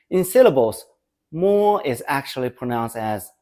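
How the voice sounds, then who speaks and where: A man teaching Mandarin pronunciation in a scripted lesson, saying syllables slowly and clearly and drilling them for the listener to repeat. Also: mid-range voice, animated, a little mellow.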